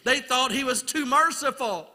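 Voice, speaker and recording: A man preaching a sermon as an evangelist in a church, building rhythmic repeated questions up toward shouts. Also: very high-pitched, lively intonation, normal speed. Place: church sanctuary. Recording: long church hall reverb.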